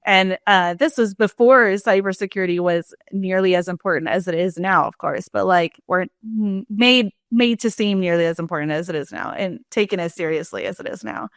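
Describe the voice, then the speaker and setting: A woman co-hosting a podcast, retelling scenes in casual chat and jumping up in pitch when she acts out quoted lines. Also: normal speed, hardly any pauses, no room sound, clean studio sound. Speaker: podcast co-host.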